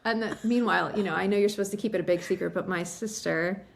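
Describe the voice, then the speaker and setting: A woman from western Massachusetts, a novelist guest telling a story in a chatty interview, full of fillers and quick laughs, a little teary. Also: medium pitch, creaky. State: emotional, teary.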